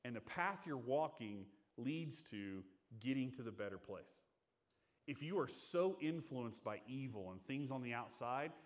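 A middle-aged man preaching a sermon in an earnest, conversational way, acting out the voices of the people he quotes. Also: mid-range voice. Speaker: pastor.

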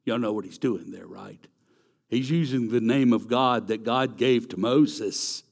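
A man's voice: medium pitch, unhurried, creaky. A man preaching a sermon, emphatic and repeating key phrases for stress. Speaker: pastor.

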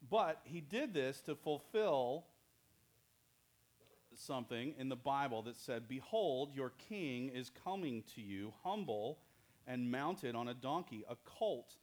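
A man's voice: medium pitch, animated, slow pace, a little mellow. A man leading a children's church lesson, joking and asking the kids questions as he tells the story. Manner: jokey, asks the kids questions. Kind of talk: playful Bible lesson for children.

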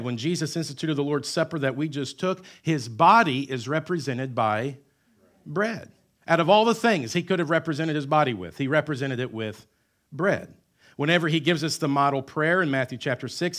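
Man preaching with big dynamic swings. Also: mid-range voice. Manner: wide swings between loud emphatic lines and quiet, drawn-out words; conversational asides and self-deprecating humor. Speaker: pastor. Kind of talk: sermon.

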